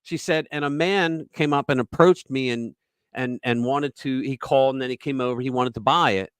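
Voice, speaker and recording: A man hosting a political commentary show, talking emphatically and conversationally and retelling stories with quick asides. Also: medium pitch, clean tone, no room sound, studio quality. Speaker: host.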